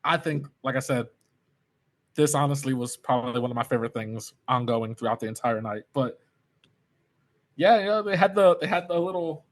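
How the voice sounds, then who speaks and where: A man's voice: medium pitch, normal speed. Stammering chatty male co-host. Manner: stammers on repeated words, chatty. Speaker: podcast co-host. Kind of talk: casual chat.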